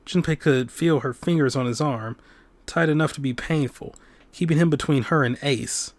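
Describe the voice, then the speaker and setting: A man hosting a let's play, reading a visual novel's narration aloud in a steady, even tone. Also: a little high, moderate pace, no echo.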